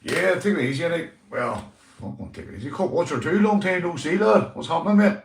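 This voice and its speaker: A young Northern Irish man hosts a casual livestream, greeting viewers, swearing freely and calling everyone mate. His voice sits on the high side and is expressive, brisk and creaky, with a reverberant sound.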